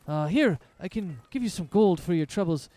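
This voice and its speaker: A flustered old nobleman, as a man voices him, fussy and hurried, with his pitch lifted above a normal speaking voice. The tone is mellow and a little warm. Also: expressive. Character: flustered elderly nobleman, head of household.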